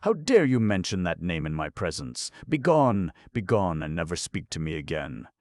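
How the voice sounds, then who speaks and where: A man voicing a fussy, excitable male gnome king who bursts into shrill, indignant shouts. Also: measured pace, vocal fry, no room sound, clean studio sound, full character voice. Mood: furious.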